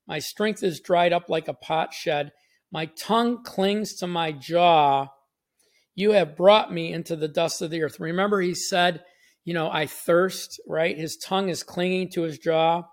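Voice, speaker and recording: A man hosting a short devotional, reading scripture aloud and explaining it in an earnest, conversational way with frequent restarts. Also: a little high. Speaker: podcast host and Bible teacher.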